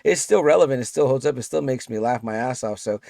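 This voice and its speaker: A man's voice: medium pitch, lively intonation, fast, creaky, darkish tone, no echo. Male, forties, podcast guest; rambling casual chat, dry close sound. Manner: rambling, many fillers and restarts.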